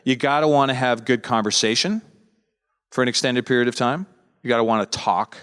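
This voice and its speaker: A man's voice: mid-range voice, a little fast, fairly bright tone, smooth, big-room sound. A man at a convention panel, joking and chatting with fans in a playful, talkative way. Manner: chatty, playful, jokey asides. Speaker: convention panel guest actor. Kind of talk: casual joking Q&A.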